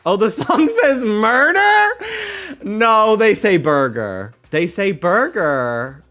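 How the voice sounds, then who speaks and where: A male game streamer chatting with his viewers, his pitch swinging wildly as he laughs his way through the talk. He speaks unhurriedly, with casual swearing between the laughs. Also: very animated, slow pace, pushed and bright. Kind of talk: casual livestream chat.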